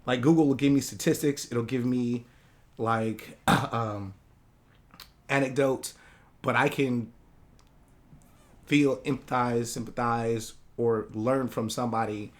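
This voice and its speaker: A man's voice: mid-range voice, fairly even intonation, takes it slowly, pauses often. A man who grew up in Hawaii, a podcast guest talking casually and reflectively, often searching for his words. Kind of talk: casual conversation.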